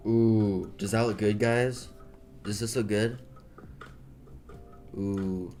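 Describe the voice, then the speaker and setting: A man's voice: lowish voice, fairly even intonation, slow pace, warm tone, faint music behind. Rambling American guy chatting while drawing. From United States. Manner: rambling, self-correcting, jokey. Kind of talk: casual chat while drawing.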